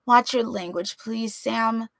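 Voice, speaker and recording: Icy calm mother, read by a woman, measured and quiet. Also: gravelly, no echo, full character voice. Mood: coolly calm. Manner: low, even, measured.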